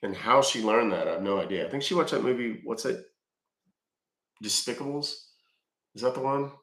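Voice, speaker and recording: A man's voice: mid-range voice, normal speed, a bit bright. A middle-aged man with a congested voice, chatting folksily with viewers as a live-stream scambaiting host. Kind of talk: casual live-stream chat. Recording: roomy echo.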